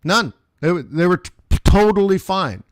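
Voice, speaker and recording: A man's voice: high-pitched, lively intonation, moderate pace, dry recording, clean studio sound. A man in his forties, a forex trader hosting a live trading stream and talking viewers through the markets in a chatty, emphatic way.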